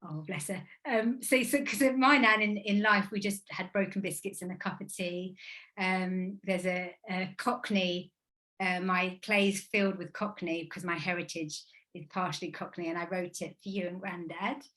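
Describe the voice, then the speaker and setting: A woman's voice: lowish voice, fairly even intonation, normal speed, a bit bright. A woman in her thirties from England, a guest speaker talking about spirit and grief in an earnest, emotional, rambling way. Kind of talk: casual spiritual talk.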